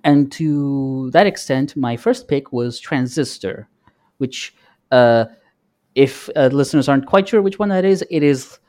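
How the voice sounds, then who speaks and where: A man co-hosting a podcast, explaining his picks in a measured, casual way. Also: mid-range voice, darkish tone. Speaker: podcast co-host. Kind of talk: casual chat.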